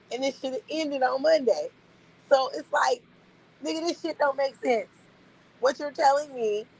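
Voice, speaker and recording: A woman's voice: high-pitched, a little mellow, rough recording. A young adult woman streaming live, venting bluntly and incredulously to her chat, repeating her points for emphasis.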